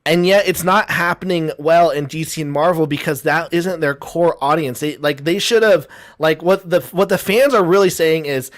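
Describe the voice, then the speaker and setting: A man with a slightly raised voice argues his point in a loose, rambling way. He stumbles through restarts and repeats himself, then presses on, animated and insistent. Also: on the high side, normal speed. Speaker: guest. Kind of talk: heated casual debate.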